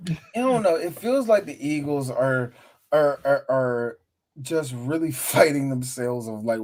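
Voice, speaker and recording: A man co-hosting a casual sports chat show, talking with animated, profane banter. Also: medium pitch, unhurried. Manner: animated, profane, mock voices. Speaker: podcast co-host.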